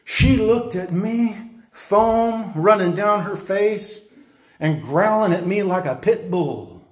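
A man preacher telling a dramatic testimony in a fairly high voice, emphatic and insistent and acting out each moment. His voice rings through a roomy, echoing space. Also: slow pace. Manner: emphatic, insistent, acts out scenes. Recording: roomy echo.

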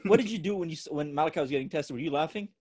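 A man's voice: on the high side, rapid-fire, a little mellow, husky, faint music behind. A young man telling a story in casual podcast chat, laughing often, swearing freely and acting out what people said. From California. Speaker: podcast host.

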